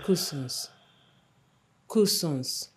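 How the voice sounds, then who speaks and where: A low-voiced, coaxing sweetheart. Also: female voice, expressive, very slow, exaggerated voice. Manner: coaxing, affectionate, reassuring. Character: soothing young woman reassuring her jealous lover. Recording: soft music underneath.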